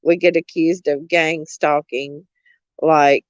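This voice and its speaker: A woman's voice: deep voice, flat delivery, slow, no room sound, dull audio. A woman, a vlogger gossiping in a blunt, mocking way, often laughing and cursing. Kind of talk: casual gossip chat.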